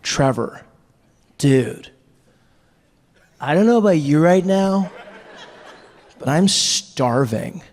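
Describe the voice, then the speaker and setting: A laid-back young American dude, drawling and incredulous, as a comedian acts him out. His voice sits high and carries a long reverb from a big hall. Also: expressive, slow, pauses often, darkish tone.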